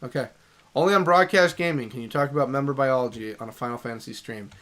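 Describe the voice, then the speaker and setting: A young man streaming a video game, chatting casually and rambling between sudden excited outbursts. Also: medium pitch, fast talker. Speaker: gaming streamer. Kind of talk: casual let's-play commentary.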